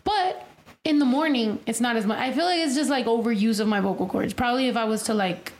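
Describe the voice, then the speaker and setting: A young woman with a raspy, crackly voice, talking casually and animatedly in a group chat. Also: a little high, quick pace. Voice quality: raspy, crackly voice from vocal cord nodules. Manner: animated, chatty, demonstrates voices while explaining.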